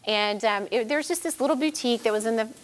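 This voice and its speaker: A woman's voice: on the high side, fast talker. A woman telling a personal story to a live audience, earnest and at times tearful. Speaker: speaker sharing her story. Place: event room with audience.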